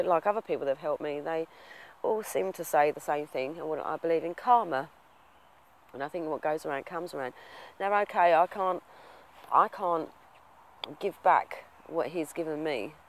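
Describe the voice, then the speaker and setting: A man whose voice is on the high side rambles casually to the camera in a vlog, earnest and reflective, with many fillers and a confessed habit of waffling. The recording is rough.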